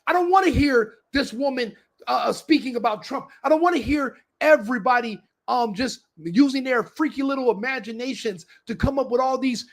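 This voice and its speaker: A man with a high-pitched voice rants through political commentary on his podcast. He presses the same demands again and again and swears freely. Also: fairly quick. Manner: ranting, repetitive demands, swearing. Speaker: podcast host.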